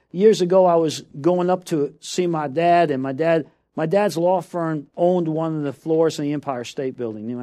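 A man's voice: a little high, a little mellow. A middle-aged man preaching a sermon, telling a story with frequent laughter and repeated calls of "come on".

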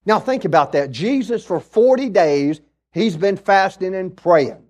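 A man preaching a sermon as a pastor, building to shouts and telling stories with quick asides. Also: high voice, expressive. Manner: preaching with rising shouts and call-outs; storytelling with asides.

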